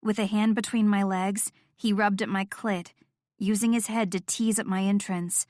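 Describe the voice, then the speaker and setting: A woman reading first-person audiobook narration with steady, intimate storytelling. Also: mid-range voice, normal speed, no room sound, studio quality.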